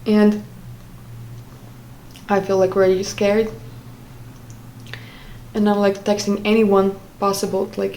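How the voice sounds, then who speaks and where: A young woman telling a personal story in a casual, halting way, often stopping to search for words. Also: medium pitch, flat delivery, mellow, a little hiss or hum, poor audio. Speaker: vlogger.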